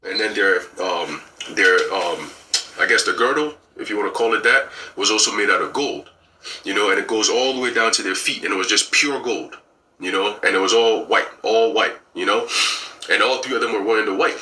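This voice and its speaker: A man telling a dream story in a slangy, animated way, acting out what people said. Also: on the low side, fairly quick, slight background noise. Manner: slangy and animated, acts out quoted lines. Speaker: church member telling a dream. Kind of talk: casual storytelling.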